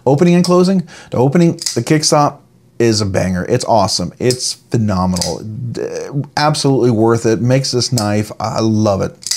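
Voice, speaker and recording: A man's voice: medium pitch, animated, moderate pace, darkish tone, slight background noise. A man giving a casual, rambling product review of a knife, enthusiastic and full of restarts and fillers.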